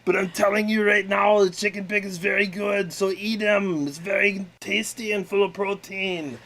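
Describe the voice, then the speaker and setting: A man voicing a goofy male cartoon pitchman with a put-on cartoonish accent and a slow, hammy sales delivery. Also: steady tone, fairly bright tone.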